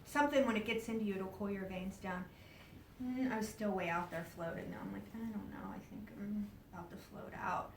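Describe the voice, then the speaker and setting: A woman speaking to a live audience, telling a personal story with animated, acted-out quotes, laughs and sudden hushed whispers. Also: medium pitch, brisk, creaky, slight background noise. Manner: laughs often while talking. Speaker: speaker at a spiritual event. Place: event hall. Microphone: distant camera mic. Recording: roomy, distant live event recording.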